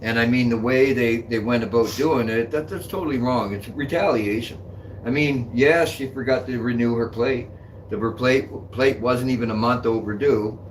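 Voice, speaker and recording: A man's voice: mid-range voice, moderate pace, a little hiss or hum. A man co-hosting a casual talk stream, speaking indignantly and repeating his points. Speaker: co-host. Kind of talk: casual chat.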